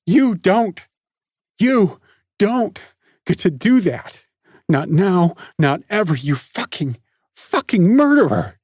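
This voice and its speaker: A man voicing a grieving teenage girl who screams in fury, high and raw. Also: slow, darkish tone, no echo, clean studio sound. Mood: furious screaming. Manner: screaming, high-pitched, spitting rage.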